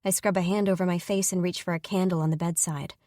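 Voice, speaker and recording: A woman narrating a first-person fantasy romance audiobook in a steady, even storytelling manner on a close mic. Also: fairly low pitch, fast, no room sound.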